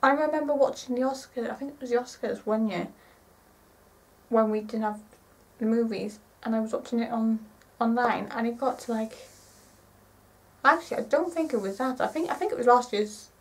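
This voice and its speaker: A woman in her twenties chatting casually to camera in a rambling, excitable way, often correcting herself. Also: fairly high pitch, moderate pace, distant mic, rough recording. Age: 20s. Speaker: vlogger.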